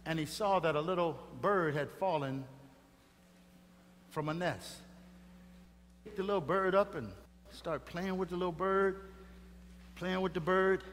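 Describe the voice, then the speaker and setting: A man preaching a funeral sermon, dramatic, swinging between hushed tones and loud calls. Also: a little high, slight background noise. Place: church funeral service. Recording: reverberant hall with faint music.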